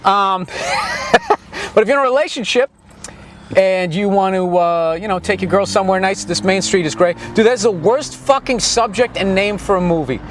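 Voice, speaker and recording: A man rambles crudely and sarcastically as he vlogs his way down a city street. His voice sits a touch high and swings widely in pitch. Faint traffic and street sounds run underneath. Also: low-quality recording. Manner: crude, sarcastic, animated riffing. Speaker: vlogger. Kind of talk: profane comedic ramble while riding down a street. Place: outdoors on a city street, moving.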